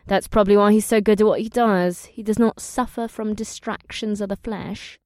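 Guy doing a high teasing horned lady, purring and playful, dry audiobook sound. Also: steady tone, normal speed, darkish tone, no room sound, close to an everyday voice. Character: teasing horned red-skinned young woman. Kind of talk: audiobook character voice.

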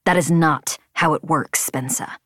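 A woman's voice: lowish voice, very animated, moderate pace, dry recording, studio quality. A woman voicing a stern young male flight leader who speaks firmly and lectures. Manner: firm, lecturing.

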